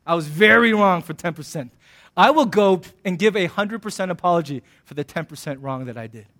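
A man's voice: high voice, a little fast. A male pastor preaching a sermon in a humorous, conversational way, acting out little voices in his asides. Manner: animated, acts out voices in asides.

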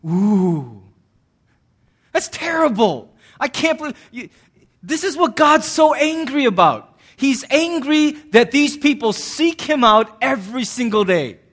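A man with a high voice delivers a sermon as a pastor. He talks in a loose, conversational way and then breaks out into loud, emphatic bursts. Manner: animated, conversational preaching with sudden bursts of emphasis.

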